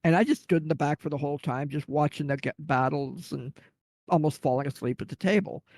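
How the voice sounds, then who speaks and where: A man tells a long gaming anecdote on a podcast, his voice sitting a little high and dropping into the quoted players' lines. The sound is dry and close, with no room around him. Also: a little fast, dry recording. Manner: animated anecdote teller, acts out quoted players. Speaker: podcast co-host. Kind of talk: casual storytelling chat.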